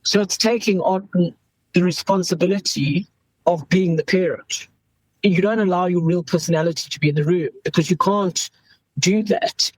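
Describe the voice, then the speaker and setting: In this poor-quality recording with no echo, a South African emergency doctor in her fifties speaks frankly during an interview. She has a lowish voice and a moderate pace, and she performs the words of the people she quotes.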